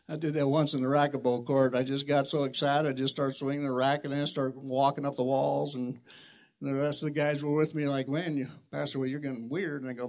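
A middle-aged pastor delivers a sermon built around a family story, swinging from loud, shouted quotes to soft, hushed prayer. His mid-range voice stays fairly level in pitch, and he speaks quickly.

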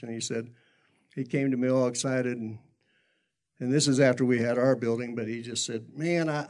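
A man's voice: medium pitch, a little mellow. A middle-aged man, a pastor, telling stories in a folksy, self-deprecating way in a sermon. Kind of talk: sermon storytelling.

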